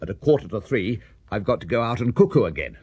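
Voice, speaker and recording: A man's voice: on the low side, big pitch swings, fast talker, a little mellow, breathy edge, no echo. A man voicing a flustered, overworked cuckoo who lives in a clock, talking in a fussy, anxious hurry.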